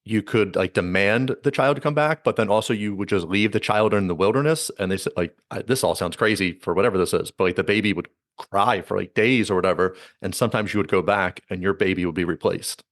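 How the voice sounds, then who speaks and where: Male podcast host, quick rambling delivery, low-pitched, dry booth sound. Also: no echo. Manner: fast, rambling, with frequent restarts and fillers. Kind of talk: casual conversational chat.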